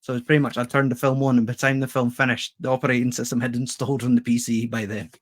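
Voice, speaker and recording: A Scottish man co-hosting a podcast in casual chat. He tells stories in a relaxed way, with dry humour and a mid-range voice. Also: mid-range voice, rapid-fire. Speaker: podcast co-host.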